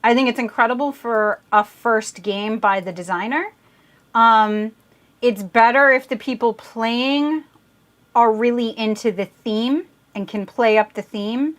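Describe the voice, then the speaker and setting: A woman's voice: fairly high pitch, a little slow, fairly bright tone. A woman chiming in from off camera during a livestream, away from the microphone, with teasing, laughing interjections and casual opinions. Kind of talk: casual chat.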